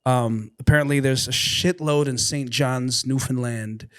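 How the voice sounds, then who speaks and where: A Canadian-raised man, a guest comedian, chatting and telling animated stories on a podcast. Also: mid-range voice, a little slow, smooth. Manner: animated storyteller, slips into mock accents. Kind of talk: casual podcast chat.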